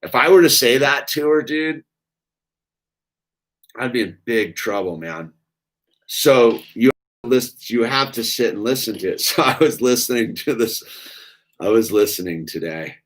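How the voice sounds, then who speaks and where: A man's voice: mid-range voice, lively intonation, a little slow, long pauses. A middle-aged man, chatting casually and rambling while building Legos, saying "dude" a lot. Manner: laid-back, rambling, says "dude" a lot. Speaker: vlogger.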